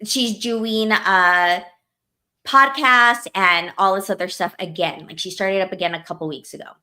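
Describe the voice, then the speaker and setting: A woman's voice: mid-range voice, measured pace, bright, forceful tone. A woman co-hosting a podcast, ranting in casual chat, heated and profane, full of filler words. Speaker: podcast co-host.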